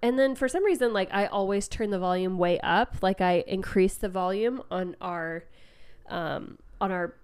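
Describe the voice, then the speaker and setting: Chatty congested woman podcaster, smooth voice. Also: mid-range voice, normal speed, darkish tone. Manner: chatty, full of "like" and "um" fillers, laughs often. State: slightly congested. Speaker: podcast co-host. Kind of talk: casual podcast chat. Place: indoor room at a small table. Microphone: microphone on a stand.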